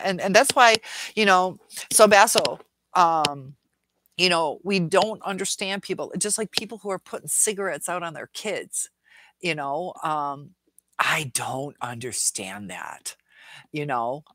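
A woman's voice: low voice, background noise. A middle-aged woman hosting a casual viewer Q&A livestream, earnest and rambling, reading comments aloud.

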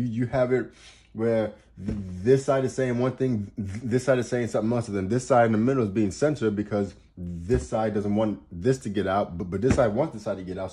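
A warm, lowish male voice rambles through astrology advice like a casual motivational speech. He swears and repeats himself for emphasis, restarting words, and laughs as his excitement builds.

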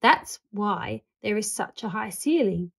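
A gentle, courteous older gentleman with a slightly fretful edge, as a woman puts him on while reading a storybook. He speaks in a mild middle pitch. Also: animated, measured pace, vocal fry, heavily acted.

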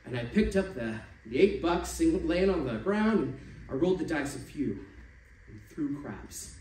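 A man reading stories aloud at a live stage event, expressive and shifting voices for the figures. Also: fairly high pitch, a little slow. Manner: expressive, changes voice for quoted figures. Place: stage venue. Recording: echoey room from a distance, faint noise.

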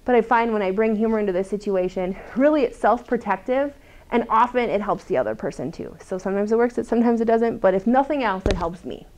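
A woman in her thirties giving a lunch-and-learn talk to a small group, chatty and animated, laughing often. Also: mid-range voice, fast talker. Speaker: workshop presenter.

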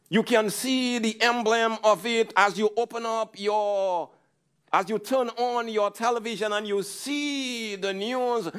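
A man's voice: high voice, a bit bright, clean tone. A male pastor preaching a fervent sermon, rising into repeated pleading cries.

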